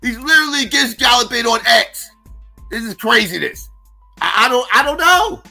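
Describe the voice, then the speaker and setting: A man commenting on a livestream in a profane, incredulous rant that swings from loud outbursts to mutters. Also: very high voice, animated, normal speed, gravelly, soft background music.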